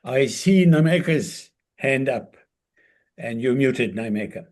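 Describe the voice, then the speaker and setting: A man moderating a Q&A session on a call, briskly handing out turns. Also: mid-range voice, expressive, a little mellow.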